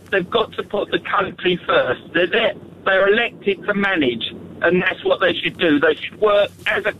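A man's voice: sits high, a little hiss or hum. A man calling a radio phone-in from his car, earnest and frustrated. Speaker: caller. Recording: muffled phone call from a car.

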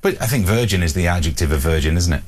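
A man's voice: deep voice, animated, noisy background. A British man co-hosting a radio show, bantering playfully and mocking himself. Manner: quick, playful, self-mocking. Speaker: radio co-host.

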